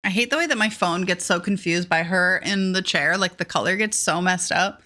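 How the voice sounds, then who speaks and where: Young woman streamer, bright gushing casual chatter. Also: fairly low pitch, normal speed. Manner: bubbly, gushing, reads chat aloud. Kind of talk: casual live-stream chat.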